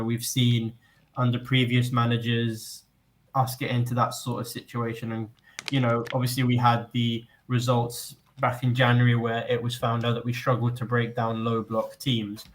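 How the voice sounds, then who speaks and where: A man's voice: medium pitch, normal speed, slight background noise, low-quality recording. A young man calling in as a fan guest, giving an articulate, long-winded football match analysis over a remote call. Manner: articulate, even-toned, long flowing points.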